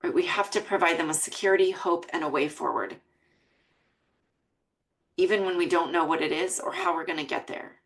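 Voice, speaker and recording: A woman's voice: lowish voice, brisk, vocal fry, long pauses, fairly bright tone, rough recording. An American woman hosting a parenting podcast, speaking in an earnest, emotional monologue. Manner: earnest and emotional, reading quotes aloud. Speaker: podcast host.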